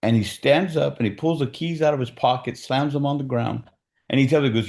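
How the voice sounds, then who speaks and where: A man's voice: mid-range voice, fairly quick, creaky, darkish tone. A man giving a personal testimony to a meeting, telling the story in a conversational way and acting out the quoted dialogue. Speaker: guest speaker.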